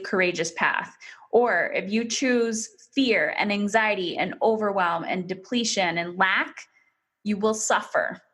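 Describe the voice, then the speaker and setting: A woman's voice: mid-range voice, fairly bright tone. Earnest mom coach, emphatic woman. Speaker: podcast guest, parenting coach. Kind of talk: casual interview chat.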